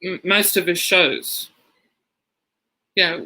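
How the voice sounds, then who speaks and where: A man tells stories in loose, casual podcast chat, wandering off on tangents and laughing along the way. His voice sits a little high and sounds very bright and sharp. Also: extremely slow, poor audio. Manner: rambling storyteller, laughs through anecdotes. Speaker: podcast co-host.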